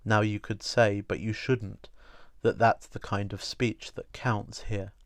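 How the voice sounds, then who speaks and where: A man reading literary prose aloud in a slow, meditative, repetitive cadence. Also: lowish voice, little pitch movement, no room sound. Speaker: reader.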